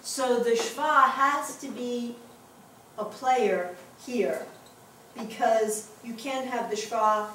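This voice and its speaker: A woman teaching a Hebrew class to adults, patiently explaining and reading words aloud slowly. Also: on the high side, fairly bright tone, slight background noise. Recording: very echoey classroom taped from far off.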